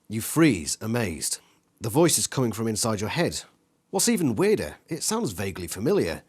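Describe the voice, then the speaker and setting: A man reading an interactive gamebook aloud in an animated way, acting out the sound effects with his voice. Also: fairly low pitch, moderate pace, slightly rough. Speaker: reader.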